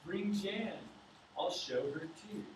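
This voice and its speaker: A man's voice: high-pitched, slow pace, pitched above the performer's own voice. Man reciting as a keyed-up country fellow, raised voice, echoey and distant in a noisy classroom. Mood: eager. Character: excitable rural man showing off skinny hogs. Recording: echoey room from far off with noise.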